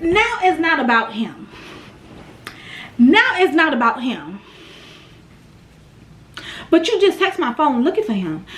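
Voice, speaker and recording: A woman's voice: very high-pitched, fairly bright tone. A young woman telling a storytime tale to her viewers in a blunt, profane, dramatic way. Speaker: storytime vlogger. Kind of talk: casual storytime chat. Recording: roomy echo.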